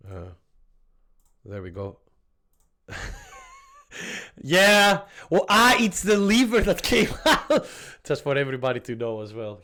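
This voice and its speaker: A man, not a native English speaker, chatting excitedly and laughing through live gameplay commentary. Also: mid-range voice. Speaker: streamer.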